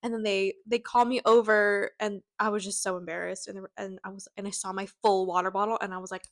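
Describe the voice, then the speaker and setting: A woman's voice: medium pitch, little pitch movement, fairly quick, dry recording. A young woman co-hosting a podcast, telling an anxious story in casual chat with lots of fillers. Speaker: podcast co-host.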